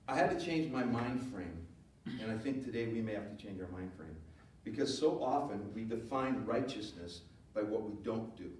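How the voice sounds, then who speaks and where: Animated preaching man in echoey hall. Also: normal speed, recorded from a distance, a little hiss or hum. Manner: animated, swings from loud emphatic lines to low quiet asides. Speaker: pastor. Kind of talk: sermon. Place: church sanctuary.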